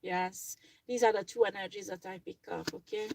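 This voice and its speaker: Gravelly-voiced woman reading tarot cards. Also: mid-range voice, steady tone, normal speed, darkish tone, a little hiss or hum, low-quality recording. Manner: chatty, blunt, swears freely, many fillers. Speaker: tarot reader.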